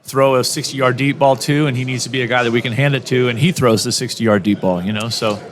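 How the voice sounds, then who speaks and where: A man's voice: medium pitch, steady tone. A middle-aged man, a college football head coach, talking upbeat as a radio interview guest, often restarting his sentences. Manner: upbeat, talks in quick bursts with many restarts.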